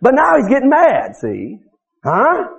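A man's voice: very high-pitched, wildly swooping pitch, measured pace, gravelly, a bit bright, poor audio. A man preaching a sermon as pastor in a folksy, repetitive way, often calling out to the congregation for an answer.

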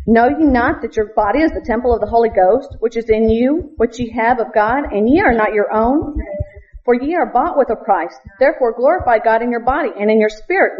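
A woman with a somewhat high voice shares her missionary testimony in an earnest, church-testimony manner. She laughs often and reads scripture in old-fashioned wording. The recording is dull and lo-fi.

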